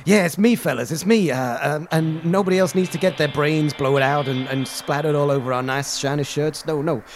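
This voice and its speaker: A man's voice: on the high side, moderate pace, a little hiss or hum, close to an everyday voice. A man voicing a nervous Western townsman who stammers in a comic game role-play. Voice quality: jittery, stammering.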